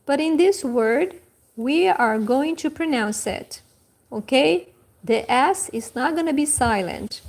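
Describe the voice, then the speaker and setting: A woman teaching a livestreamed vocabulary lesson, saying each word slowly and carefully twice and speaking. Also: sits high, lively intonation, creaky, darkish tone. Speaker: language teacher. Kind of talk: slow repeat-after-me vocabulary lesson.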